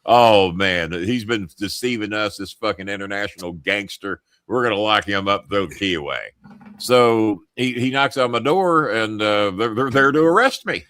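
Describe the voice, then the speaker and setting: A man's voice: on the low side, lively intonation, moderate pace, a bit bright, dry recording. An older male host telling rambling, profane stories, laughing as he goes. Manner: rambling, swears freely, laughs mid-sentence. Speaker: show host. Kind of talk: profane comic storytelling.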